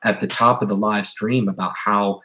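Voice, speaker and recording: A man with a fairly low voice hosting an investing livestream. He talks in a casual, rambling way, stumbling and restarting phrases, and presses his advice on viewers insistently. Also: fairly even intonation, normal speed, pushed and bright. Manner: rambling, emphatic, with repeated restarts. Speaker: investing channel host.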